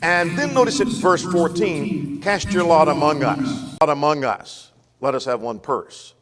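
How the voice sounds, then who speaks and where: Folksy male Bible teacher, fairly high voice, in a ringing church hall. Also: a little slow, soft background music. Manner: folksy, checks in with the class. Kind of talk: Sunday Bible class teaching. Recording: long church reverb.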